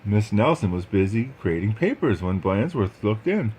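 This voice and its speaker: A man's voice: lowish voice, sing-song, moderate pace, a little mellow, slight background noise. A man reading a picture book aloud, adding chatty asides about the pictures. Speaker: read-aloud storyteller.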